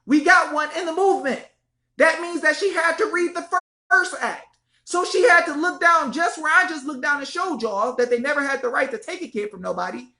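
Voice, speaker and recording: A brisk, high, sharp-toned voice carries this activist vlogger's heated rant aimed directly at the camera. She's repetitive and fiery, uses mild profanity and refers to her viewers as "y'all."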